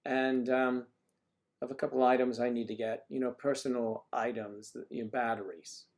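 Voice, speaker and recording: A man's voice: medium pitch, level tone, moderate pace, a little mellow. A man hosting a casual livestream chat with viewers, rambling and joking with lots of fillers.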